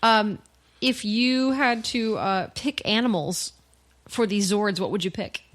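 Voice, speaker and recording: A woman's voice: mid-range voice, fairly bright tone. A woman co-hosting a podcast in casual chat, teasing her co-host with playful questions. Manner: teasing, quick with jokes.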